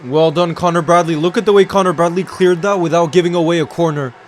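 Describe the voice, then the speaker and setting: Excitable man streaming a match watchalong. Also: fairly high pitch, fast talker, a little hiss or hum. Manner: excitable, reacting to play and greeting viewers. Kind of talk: live match watchalong commentary.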